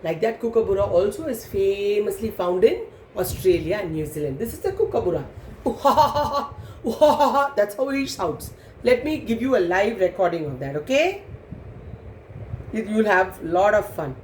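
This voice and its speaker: A woman telling a story to children in an animated way, stopping to explain things. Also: mid-range voice, normal speed. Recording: echoey room, faint noise.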